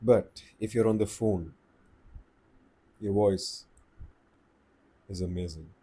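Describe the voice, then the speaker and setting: A man giving voice tips in a relaxed, unhurried, conversational way, slowing down to stress his points. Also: fairly low pitch, a little hiss or hum. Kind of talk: casual advice talk to camera.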